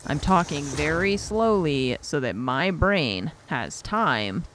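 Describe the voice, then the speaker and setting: A young woman streamer talks her way through a building game, muttering numbers and getting flustered. She speaks slowly and deliberately, with a faint hum of noise behind her. Her tone is self-mocking as she loses track. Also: low-pitched, sing-song, a bit bright. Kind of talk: casual gameplay commentary.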